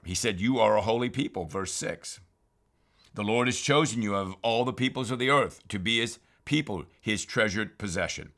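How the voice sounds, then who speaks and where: A man's voice: on the low side, gravelly, bright, forceful tone. Man teaching Bible passages. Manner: reads verses then explains them, often saying "remember". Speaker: preacher reading scripture.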